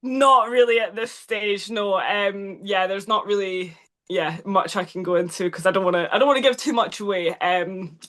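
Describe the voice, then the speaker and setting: Woman, actress guest, casual chat, bright tone, laughs a lot, lots of ums. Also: medium pitch. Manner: chatty, laughs often, many fillers.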